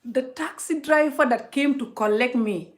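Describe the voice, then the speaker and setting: Chatty woman vlogger, animated storytelling straight to camera. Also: sits high, a little slow. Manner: chatty, talks a lot; animated retelling, often addresses viewers. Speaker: vlogger on a live stream. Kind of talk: casual storytelling chat.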